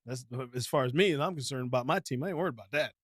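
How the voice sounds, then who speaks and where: A man's voice: medium pitch, rapid-fire, a bit bright, no room sound, studio quality. A man hosting a live stream, ranting bluntly about sports with heavy slang and repetition. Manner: heated, blunt, slangy, repeats himself. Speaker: channel host.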